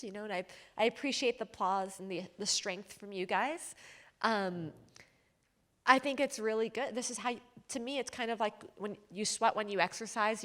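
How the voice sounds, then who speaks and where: A woman's voice: fairly high pitch, a bit bright. A woman author being interviewed on stage before an audience, speaking reflectively and openly about her emotions. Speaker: author and journalist guest. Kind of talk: onstage interview. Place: community stage event with audience.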